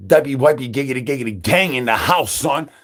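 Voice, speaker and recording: A comedy streamer with a medium-pitched, animated voice talks a little fast through a crude, absurd monologue. Rhyming nonsense and repeated catchphrases pour out, and he keeps calling for brains like a zombie.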